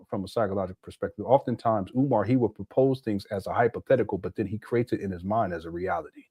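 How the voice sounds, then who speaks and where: A man's voice: medium pitch, a little mellow, dry recording, studio quality. A middle-aged man from Southern California commenting on a video clip in a casual, incredulous, mocking way. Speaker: commentary channel host.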